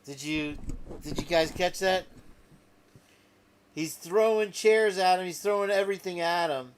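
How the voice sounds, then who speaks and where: Man, reaction host, slow and fairly high, faint room noise. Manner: laughing, incredulous asides. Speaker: reaction streamer. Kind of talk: casual reaction commentary.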